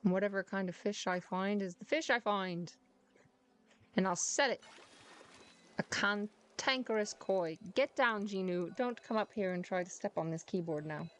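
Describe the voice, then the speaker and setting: A woman's voice: medium pitch, normal speed. Woman streamer, put-on Irish accent with an American edge, casual and profane, talking to chat and her cat at home. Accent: put-on Irish, Dublin-ish with a hint of American. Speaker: game streamer. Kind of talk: casual gameplay chat with viewers.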